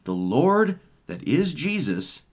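A man's voice: on the high side, very animated, takes it slowly. A man teaching scripture in an informal sermon, often asking rhetorical questions and repeating words for emphasis. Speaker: teacher of a Bible study.

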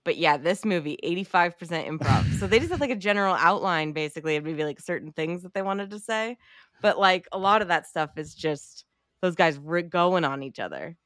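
A woman's voice: fairly low pitch, fairly quick, no room sound, clean studio sound. A young woman co-hosting a podcast, chatting casually about movies with lots of laughter and swearing. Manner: animated, laughing, heavy swearing. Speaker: podcast co-host.

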